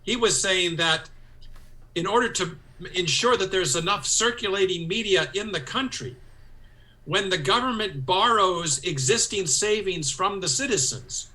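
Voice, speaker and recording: A man with a high, very bright voice lays out an economic argument as a podcast guest. He speaks firmly and corrects misunderstandings with confidence. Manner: firm, corrects others with confidence. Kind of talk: explanatory podcast discussion.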